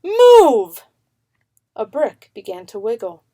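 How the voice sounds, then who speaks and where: A woman narrating a children's picture book in an unhurried, expressive way. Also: mid-range voice.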